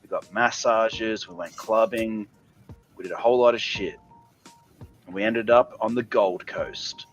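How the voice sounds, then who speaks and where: A man's voice: lowish voice, steady tone, a little slow, dull audio, faint music behind. Profane, rambling Australian man, tipsy. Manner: crude, heavily profane, rambling. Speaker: guest. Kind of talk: casual storytelling.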